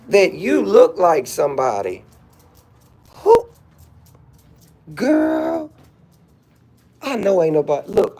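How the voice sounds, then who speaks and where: A man's voice: high voice, creaky, darkish tone, slightly rough. A man hosting a live stream, sassily and theatrically roasting a commenter in mock-pleading asides. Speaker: livestreamer.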